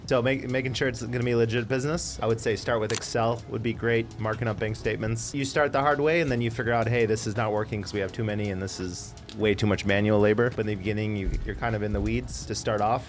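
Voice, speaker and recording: Rapid low-voiced male guest over music. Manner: relaxed, talks in fillers. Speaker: guest accountant. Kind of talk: casual podcast chat.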